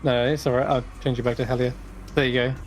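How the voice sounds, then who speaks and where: A man narrates a tabletop game as dungeon master, easygoing and a little rambling. His voice sits at a middling pitch. Soft music runs faintly behind him. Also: quick pace. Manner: relaxed, rambling narration with fillers.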